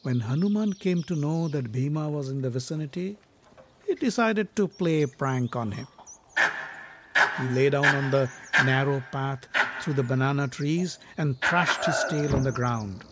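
A man's voice: mid-range voice, animated, heavy background noise. Man telling an epic tale. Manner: measured, dramatic storytelling delivery. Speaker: storyteller. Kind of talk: scripted narration of an epic tale.

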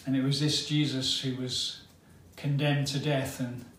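A male preacher giving a sermon, retelling a story dramatically with long pauses. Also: mid-range voice, little pitch movement, a bit bright, a little hiss or hum. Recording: roomy hall, mic at a distance, faint ambience.

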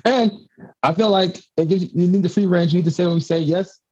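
A man's voice: high voice, fairly quick, warm tone, husky, dull audio. A man hosting a podcast, chatting playfully and reading listener letters aloud. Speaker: podcast host. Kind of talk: casual podcast chat.

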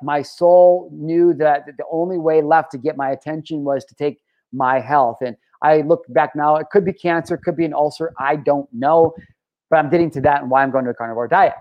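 A man's voice: fairly high pitch, darkish tone, low-quality recording. A man in his thirties talking to camera in a casual, rambling personal vlog, emotional and full of restarts. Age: 30s. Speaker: vlogger.

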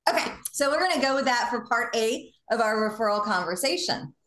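A woman with a Southern US accent hosting a podcast, coaching in a casual, animated way and acting out sample conversations. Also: on the high side, fairly quick, reverberant. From Southern United States. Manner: animated, acts out sample dialogue in lively voices. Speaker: podcast host.

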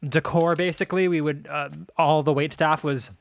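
A man's voice: fairly high pitch, fairly even intonation, normal speed, dry recording. A man co-hosting a podcast, telling stories in a wry, casual way. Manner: wry, storytelling. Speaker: podcast co-host. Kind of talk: casual chat.

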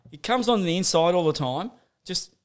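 A man's voice: high-pitched, expressive, moderate pace, clean tone. A middle-aged Australian man, a surf photographer, rambling through stories in casual podcast chat, swearing constantly and laughing as he goes.

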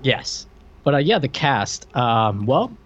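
A man's voice: medium pitch, sing-song, slow pace, muffled recording. A man co-hosting a podcast in casual chat, hesitant, with many fillers and restarts. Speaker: podcast co-host.

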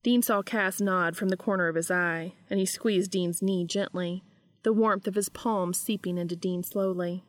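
A woman reading fan fiction aloud in a steady, even storytelling manner. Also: lowish voice, moderate pace, no echo.

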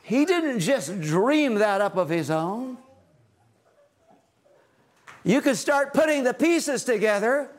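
A middle-aged man preaching a sermon at a family retreat, rising to loud exhortation and dropping to hushed, low phrases. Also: very animated, slow, long pauses.

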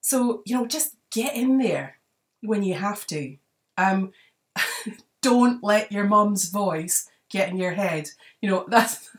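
A woman with a fairly low voice hosts a solo advice podcast. She talks in a loose, conversational way, with "you know" filling the gaps. Her voice sits a little back from the microphone. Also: far from the mic. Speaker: podcast host.

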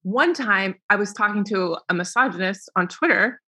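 A woman's voice: mid-range voice, expressive, moderate pace, bright, forceful tone, slightly rough. A young woman talking as a podcast guest in a chatty, casual way, laughing often and acting out what other people said. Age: young adult. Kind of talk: casual interview talk.

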